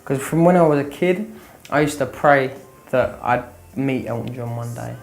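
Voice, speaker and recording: A young man in a pop band muses offhandedly about his career in an interview, trailing off with "I suppose." He has a mid-range voice with vocal fry and a moderate pace, and faint music plays behind him.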